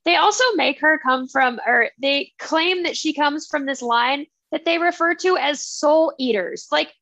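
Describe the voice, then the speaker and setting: High-voiced woman gushing about books. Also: unhurried, no echo. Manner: animated retelling, acts out scenes in quoted voices. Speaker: podcast co-host. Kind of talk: casual book chat.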